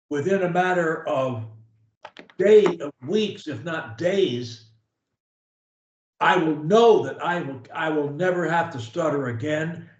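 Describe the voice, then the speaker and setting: Slow-talking male speech coach, roomy. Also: a little high, muffled recording. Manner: slow, drawn-out speech that holds a steady tone. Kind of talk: coaching conversation.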